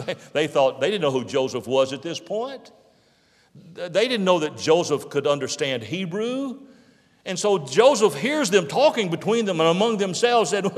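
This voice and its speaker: A man preaching with a somewhat high voice, his words ringing through a long, echoing hall. He is impassioned, dropping to near hushes and then rising to fervent cries. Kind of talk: sermon.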